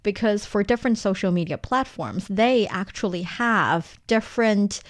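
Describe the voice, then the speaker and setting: A woman's voice: medium pitch, normal speed, dry recording, studio quality. A woman with a Chinese accent, a native Chinese speaker, co-hosting a language-learning podcast and explaining words step by step in a chatty way. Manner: explains word by word, lively and chatty. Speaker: podcast co-host and Chinese teacher.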